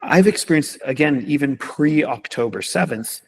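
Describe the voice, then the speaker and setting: A man's voice: on the high side, expressive, a little slow, slightly rough. A man, a podcast guest, speaking emphatically and passionately in a conversational interview, with repeated rhetorical questions.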